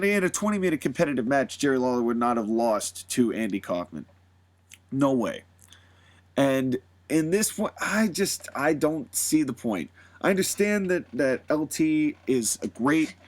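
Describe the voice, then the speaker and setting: A man hosting a podcast, talking casually and at length, rambling with many fillers and frequent laughs. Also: medium pitch. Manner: rambling, animated, laughs often, lots of fillers. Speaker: podcast host. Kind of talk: casual solo commentary.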